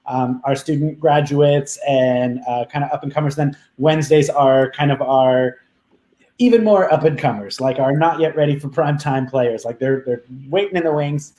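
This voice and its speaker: A woman's voice: extremely low pitch, normal speed, warm tone. A woman hosting a casual video-call chat, explaining things in an upbeat way. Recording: echoey room.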